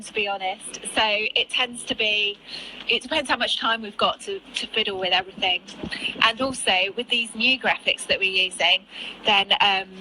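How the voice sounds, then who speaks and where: A woman's voice: mid-range voice, bright, forceful tone, slight background noise, rough recording. A woman in her thirties, a weather presenter, chatting casually on a video call from outdoors, laughing easily and restarting phrases as she goes. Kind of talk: casual live video chat. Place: outdoors outside a broadcasting building.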